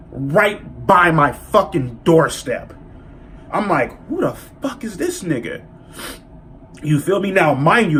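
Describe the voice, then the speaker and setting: A man telling a story in a casual vlog, profane and animated as he rants. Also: a little high, a little hiss or hum. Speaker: vlogger.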